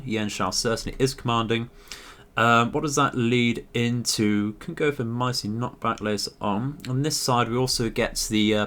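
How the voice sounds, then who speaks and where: A man, hosting a gaming video and talking through a strategy game in a polite, measured way with frequent fillers. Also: on the low side, fairly bright tone.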